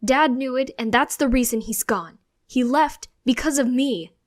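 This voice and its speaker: A woman's voice: on the high side, measured pace. A woman voicing an anxious, emotional young boy who talks in a pleading, tearful way. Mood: frustrated.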